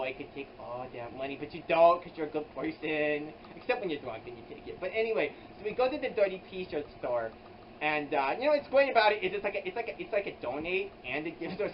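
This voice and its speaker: A man voicing a tiny, petty young male pig in an improvised comedy vlog, rambling and giggly in a childlike baby-talk voice, full of "like" and restarts, recorded on a handheld camera mic. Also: sits high. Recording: slightly dull audio with air conditioner hum.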